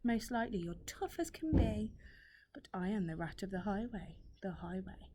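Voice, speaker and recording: A woman, reading a story aloud and giving hushed, half-whispered menace to a greedy male rat who robs travellers. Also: mid-range voice, moderate pace, noisy background, lightly acted. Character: greedy bullying male highway rat robber.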